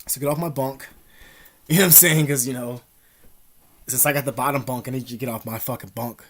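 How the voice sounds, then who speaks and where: Guy ranting advice to camera, cussing a lot, slangy and rambling, average pitch. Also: fairly even intonation, fast talker. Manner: profane, rambling, street-slang talk with many fillers. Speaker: vlogger. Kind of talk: casual advice monologue.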